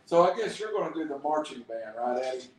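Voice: medium pitch, lively intonation, fast. An adult host of a casual family podcast, asking kids questions with hesitant fillers. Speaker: podcast host interviewing children. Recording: very echoey room, distant mic, faint hiss.

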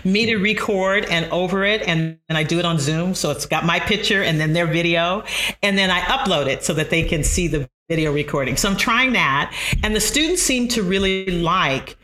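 Woman, college math instructor, bright forceful voice, lively storyteller in interview. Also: fairly low pitch. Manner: animated storyteller, quick to laugh. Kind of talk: conversational podcast interview.

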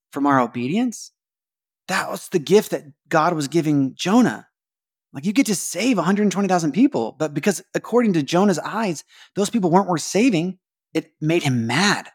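A man talks through a Bible passage in a relaxed, conversational podcast monologue. His voice sits a little higher than most men's. He leans on "like" and often restarts his sentences. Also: breathy edge. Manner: chatty, frequent "like" fillers and restarts. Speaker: podcast host. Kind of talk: casual Bible-study monologue.

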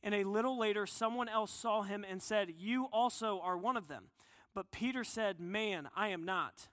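A man with a high, bright voice preaches in an earnest, conversational way, often stopping to restart his sentences. His voice carries a long reverb that trails off in the hall around him. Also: moderate pace. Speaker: pastor. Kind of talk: sermon.

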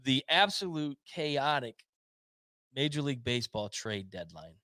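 A man's voice: medium pitch, sing-song, unhurried, bright, forceful tone, dry recording. A man co-hosting a casual podcast, telling rambling stories full of fillers and restarts. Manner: rambling storyteller, many fillers and restarts, laughs often. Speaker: podcast co-host. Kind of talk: casual chat.

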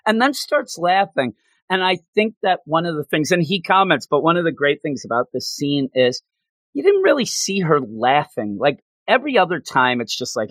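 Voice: medium pitch, very animated, moderate pace, a bit bright, no room sound. A podcast host chatting casually about an anime episode, retelling scenes with laughter and acting out the characters' lines. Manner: laughs often while talking. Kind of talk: casual chat.

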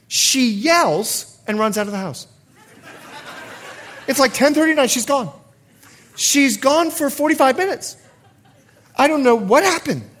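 A man's voice: extremely high pitch, husky. A male pastor preaching a sermon at a church service, telling stories with humor. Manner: animated storytelling with humor.

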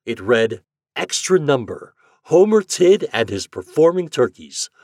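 A man narrating an old holiday story aloud in an expressive, lively manner. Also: fairly low pitch, no echo, studio quality. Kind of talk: storybook reading.

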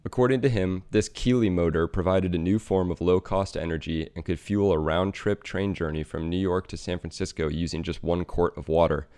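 A man presenting a segment in scripted narration, measured and wry as he tells a history. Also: sits low, a little mellow, clear, resonant tone, no room sound, clean studio sound.

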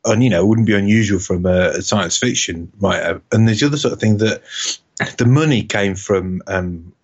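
Man, low-pitched, chatty storyteller, dull lo-fi recording. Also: normal speed, slightly rough. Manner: rambling, self-mocking storyteller. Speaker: podcast co-host. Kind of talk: casual anecdote. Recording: dull lo-fi sound.

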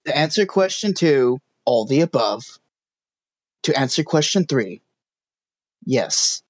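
A man's voice: medium pitch, lively intonation, slow, no room sound. A man playing a tabletop game, with a dry, exasperated way of speaking. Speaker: player. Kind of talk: tabletop play.

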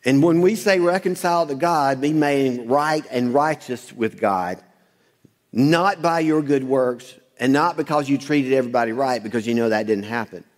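A man's voice: mid-range voice, normal speed. A man preaching a sermon, quoting scripture, asking questions and answering them himself, and calling on the congregation to repeat lines back. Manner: quotes scripture, asks and answers own questions. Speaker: pastor. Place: church sanctuary. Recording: long hall reverb.

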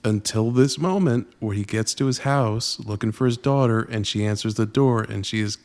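Male podcast host, low gravelly voice, animated and profane. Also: normal speed. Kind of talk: casual movie recap chat.

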